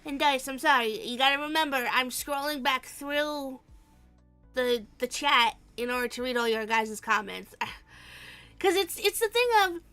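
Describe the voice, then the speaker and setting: A woman's voice: high-pitched, unhurried, smooth. A woman streamer chatting casually and profanely while playing, with faint music behind. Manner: profane, animated, laughing often. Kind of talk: casual gaming stream chat.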